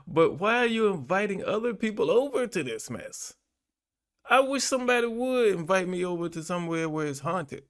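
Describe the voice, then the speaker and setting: High, lively-voiced man host. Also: moderate pace, pauses often. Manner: playful reactive commentary with laughter. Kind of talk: casual chat.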